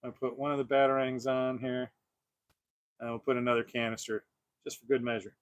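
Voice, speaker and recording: A man's voice: mid-range voice, little pitch movement, a little fast, dry recording, muffled recording. A man hosting a casual toy-collecting livestream who rambles with lots of fillers and restarts. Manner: rambling, many fillers and restarts, laughs often. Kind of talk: casual livestream chat while unboxing.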